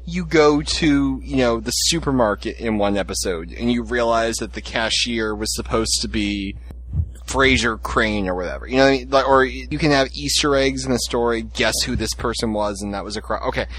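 Mid-pitched man, conversational, circling his points with restarts. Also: normal speed, a bit bright, slightly rough, poor audio. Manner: rambling, frequent restarts. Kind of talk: casual chat.

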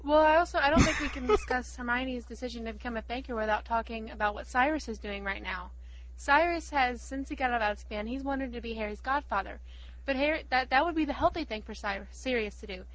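High-voiced woman chatting on a podcast. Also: quick pace, slight background noise, poor audio. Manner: chatty, corrects herself mid-sentence. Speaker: podcast co-host. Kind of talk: casual podcast chat.

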